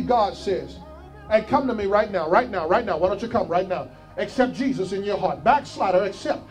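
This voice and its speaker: A high-pitched male preacher delivers an altar call from the pulpit, repeating his pleas again and again and building to shouts. Soft music plays beneath his voice. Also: expressive, moderate pace. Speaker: pastor.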